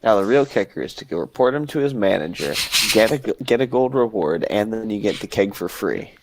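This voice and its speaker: Low-voiced man making wry remarks. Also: animated, a little fast, noisy background. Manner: wry side comments. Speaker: player. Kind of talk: tabletop role-play chat.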